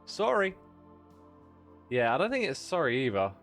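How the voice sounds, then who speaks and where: A man talks loosely to his stream audience as he plays, wandering between topics, joking at his own expense and laughing frequently. His voice is mid-range and a bit bright, with big pitch swings at a moderate pace, and faint music plays behind him.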